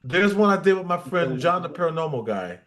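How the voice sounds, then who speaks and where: A man's voice: on the high side, big pitch swings, fairly quick, a bit bright. A man hosting a casual online chat, joking and bantering with his guests. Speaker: host.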